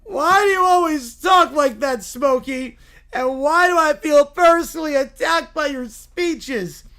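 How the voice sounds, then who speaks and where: A man voicing a grumpy little bear cub who whines, stretches his words and shouts his complaints about work. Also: very high voice, voice pushed up, exaggerated voice. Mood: whiny complaining. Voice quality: whiny, complaining. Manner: drawn-out, loud, near-shouted protests.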